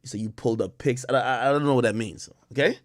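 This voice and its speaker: A man giving reaction commentary, talking emphatically, posing rhetorical questions and filling pauses as he reads through messages. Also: medium pitch, dry recording, clean studio sound.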